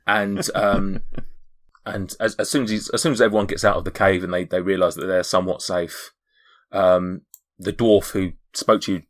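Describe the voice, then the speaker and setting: A man narrating as game master, hesitant and full of pauses. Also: sits low, fairly even intonation.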